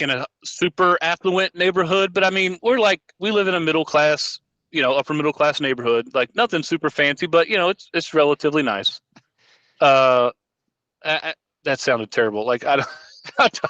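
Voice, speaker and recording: Bright-voiced man, slightly dull audio. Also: on the high side, no room sound. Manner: rambling, self-correcting, hedges often. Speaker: podcast co-host. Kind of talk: casual chat.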